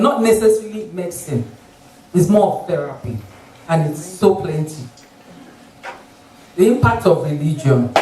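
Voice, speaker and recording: Picked up from well away from the mic, this Nigerian-accented doctor, an obstetrician, speaks in a mid-range voice during a health talk in a roomy hall. He's lively and fond of mimicking patients, and the recording has heavy room sound plus slight background noise.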